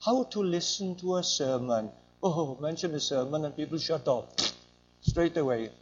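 A man's voice: a little high, normal speed, a little mellow. An older man preaching a sermon in an emphatic, rising and falling way. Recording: dull lo-fi recording.

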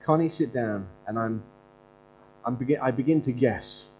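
A man's voice: medium pitch, normal speed, over music. A man preaching in a conversational, earnest storytelling way, with some fillers and restarts. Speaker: pastor and Bible school leader. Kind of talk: conversational sermon. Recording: dull lo-fi recording with mains hum.

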